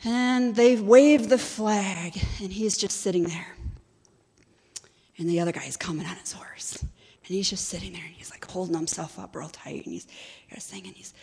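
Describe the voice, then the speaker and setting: A woman's voice: medium pitch, moderate pace, vocal fry, warm tone, husky, big-room sound. A woman giving a sermon-style teaching in a conversational, storytelling way, often asking her listeners questions. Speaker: ministry executive director teaching.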